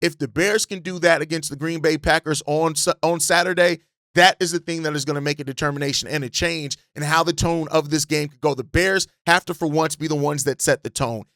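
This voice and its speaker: A man's voice: fairly high pitch, fairly even intonation, fairly quick, a bit bright, no echo, studio quality. A male sports podcast host giving passionate, profane fan commentary, often repeating words as he gets worked up.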